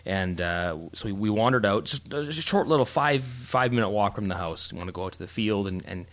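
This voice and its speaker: Rambling, animated man telling a story. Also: on the low side, fairly quick. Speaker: podcast co-host. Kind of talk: casual chat.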